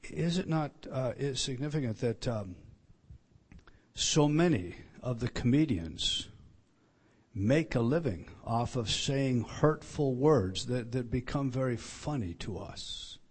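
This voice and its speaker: A man's voice: mid-range voice, expressive, slow pace, a little mellow, slightly rough. A male pastor preaching an evening sermon, reading scripture aloud and stressing key words, with frequent restarts.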